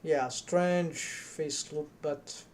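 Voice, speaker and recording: A man's voice: on the high side, very slow, a little mellow, slight background noise. A man streaming his 3D modeling work, thinking aloud in hesitant, half-finished remarks.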